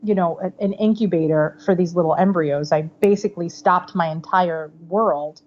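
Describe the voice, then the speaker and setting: A woman in her thirties, a podcast guest telling a personal story in a chatty, animated way, full of "like" and "you know". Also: on the low side, normal speed. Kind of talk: casual storytelling interview. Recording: slightly dull podcast audio.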